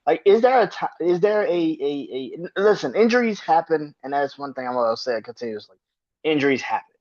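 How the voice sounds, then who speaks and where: A man's voice: mid-range voice, expressive, moderate pace, muffled recording. A man hosting a casual sports podcast, ranting in an exasperated, profane and repetitive way. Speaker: podcast host.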